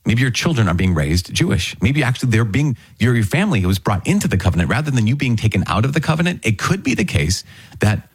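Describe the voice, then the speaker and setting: A man's voice: mid-range voice, big pitch swings, fast, husky, no echo. A man preaching as a priest, giving a conversational, earnest homily on the day's scripture readings with frequent restarts and asides.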